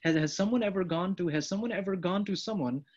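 Husky-voiced male preacher. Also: high-pitched, quick pace. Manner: animated, acts out quoted prayers and replies. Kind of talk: sermon. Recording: dull lo-fi sound.

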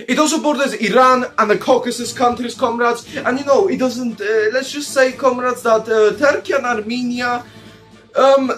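Rambling comedic host, high voice. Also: male voice, normal speed, fairly bright tone, faint music behind. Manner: calls the audience "comrades" constantly; rambling, jokey, playfully crude. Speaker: comedic country-review host. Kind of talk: comedic commentary over maps.

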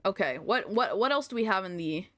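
A woman's voice: medium pitch, lively intonation, a little fast. A woman streaming a video game, chatting casually and gushing over cute things.

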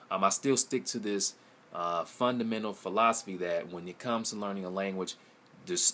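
A man with a lowish voice talks casually to the camera as a language-learning vlogger. He rambles and hesitates, fills gaps with ums and repeats his words as he gropes for a point. Faint background noise sits under his voice. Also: bright, forceful tone. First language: English. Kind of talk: casual video response.

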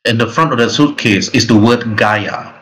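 A man's voice: medium pitch, normal speed, bright, forceful tone, low-quality recording. A man narrating a tabletop role-playing game as game master, in long, rambling run-on sentences.

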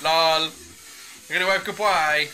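A woman's voice: low voice, fairly even intonation, a little slow, sharp tone. A woman filming at home, laughing, teasing her friend and cooing at her dogs in baby talk. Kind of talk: casual home video chat.

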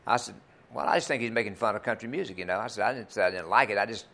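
A man's voice: on the low side, racing, gravelly, fairly bright tone. An older man, a country singer telling rambling, folksy anecdotes in a TV interview. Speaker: country singer and club owner, interview guest. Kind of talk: storytelling in a TV interview.

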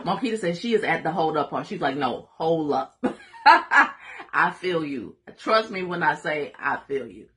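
A woman leading a live Bible study in a lively call-and-response preaching style, laughing and making asides to viewers. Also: sits low, a little slow.

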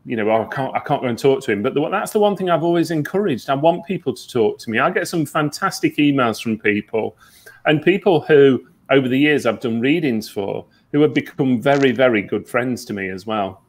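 Man, interview guest, medium, earnest storyteller, mid pitch, lots of fillers. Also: lively intonation, fairly quick. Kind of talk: conversational interview.

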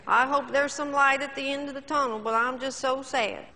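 A woman's voice: high-pitched, fairly even intonation, normal speed, bright, forceful tone, big-room sound. A woman voicing a sad, tired adult who speaks in weary, sighing complaints.

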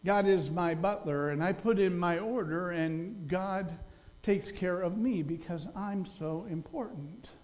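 A man giving a sermon as senior minister, preaching emphatically and dropping soft near the close. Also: sits high, unhurried. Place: church sanctuary. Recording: long church hall reverb with mains hum.

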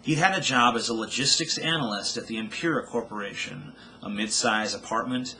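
A man's voice: fairly low pitch, a little fast, pushed and bright, slight background noise, rough recording. A man reading his own novel aloud with dramatic storytelling narration.

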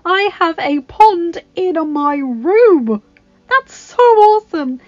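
A woman voicing a bubbly, wide-eyed teenage girl who gushes in a high, breathless voice. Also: very animated, takes it slowly, darkish tone, no room sound, heavily acted. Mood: thrilled. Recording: slightly dull lo-fi recording.

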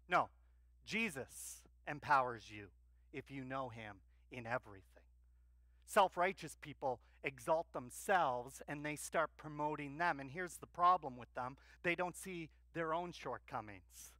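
Emphatic slow-preaching male pastor. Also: a little high, bright, forceful tone, no echo. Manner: emphatic, asks the congregation questions and answers them. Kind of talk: sermon. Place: church.

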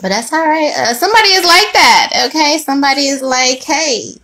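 A woman's voice: sits high, animated, a little fast, pushed and bright. A young woman reading tarot in a casual, slangy chat, laughing often as she talks to her viewers. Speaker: tarot reader.

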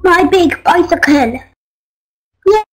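Child gamer, very high and lively voice, slow whiny delivery, faint music behind. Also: female voice, slight background noise, poor audio. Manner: whiny, shouting, pleading. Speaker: game player. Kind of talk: excited game chatter.

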